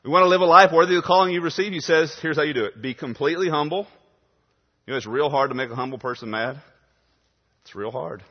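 A male pastor preaching a sermon, punching key words loudly, then dropping to quiet asides. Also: fairly high pitch, quick pace. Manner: emphatic preaching, swings from loud stresses to quiet asides. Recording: dull sound in a reverberant hall.

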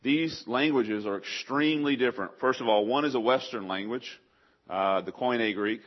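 A middle-aged male pastor preaching a sermon, animated, with sudden loud acted outbursts. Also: mid-range voice, moderate pace. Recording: slightly dull lo-fi sound.

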